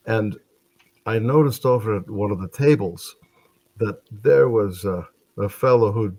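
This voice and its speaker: A man on a radio panel, telling a joke in a halting way and repeating words as he starts. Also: lowish voice, dry recording. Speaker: panel guest.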